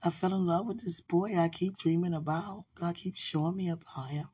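Woman, low husky voice, affectionate, laughs a lot, intimate call. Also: fairly even intonation, normal speed, mellow. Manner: laughs often, affectionate, talks of faith. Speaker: partner on a call.

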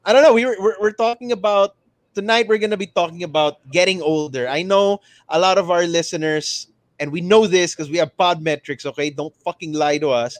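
A man's voice: sits high, fairly quick, dry recording. A man with a Filipino accent in his thirties, hosting a casual podcast chat and swearing freely. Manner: swearing, switching between English and Tagalog. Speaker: podcast host.

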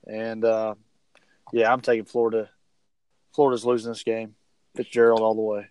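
A man's voice: on the low side, monotone, moderate pace, a little mellow, clean tone, no room sound, low-quality recording. A man co-hosting a casual sports picks podcast, talking in a rambling, chatty way. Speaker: podcast co-host.

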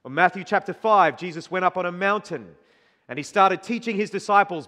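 A man's voice: high voice, fairly quick. Man preaching in a reverberant hall. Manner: emphatic, swings from loud declarations to quiet reflection. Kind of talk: sermon.

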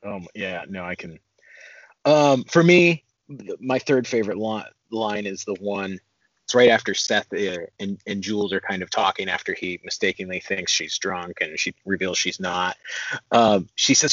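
A man's voice: lowish voice, normal speed, fairly bright tone, no echo, lo-fi sound. A young man co-hosting a casual film discussion podcast, thoughtful and analytical, with frequent ums. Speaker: podcast co-host.

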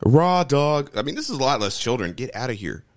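A man co-hosting a video chat stream, teasing strangers in crude, loud joking banter over a headset. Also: very animated, brisk. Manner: loud, teasing, swings his pitch widely.

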